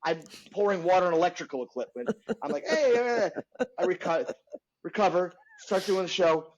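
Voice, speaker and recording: A middle-aged man, a comedian, telling stories in a lively podcast chat and acting out the people in them. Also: high-pitched, fairly quick, lo-fi sound. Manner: animated, acts out voices. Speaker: comedian guest. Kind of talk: storytelling in casual chat.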